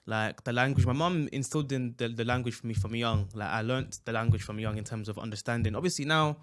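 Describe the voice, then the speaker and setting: A man's voice: medium pitch, fast, a bit bright. A young man, a guest content creator chatting casually in an interview, with many fillers and restarts. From England.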